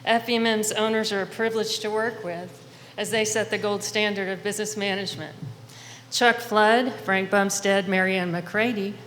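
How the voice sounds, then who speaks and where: A woman's voice: mid-range voice, fairly even intonation, normal speed, a little hiss or hum. A woman in her sixties accepting an honor at a podium, thankful and lightly amused. Her voice rings through a large hall with long reverb and faint ambience. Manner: warm, grateful, lightly amused. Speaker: award honoree. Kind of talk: acceptance speech.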